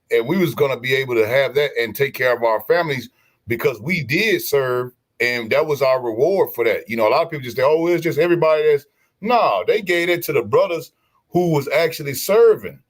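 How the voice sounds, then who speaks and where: A man holding forth on a casual stream, animated and preachy. He restarts his sentences often and keeps circling back to his point. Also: mid-range voice, moderate pace, breathy edge. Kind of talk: casual chat.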